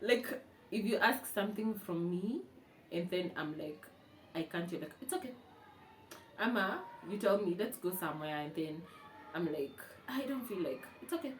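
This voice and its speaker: A woman's voice: fairly low pitch, lively intonation, moderate pace, distant mic, slight background noise. A young Kenyan woman co-hosting a casual chat, teasing playfully and mimicking her friend. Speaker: co-host. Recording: echoey room with faint ambience.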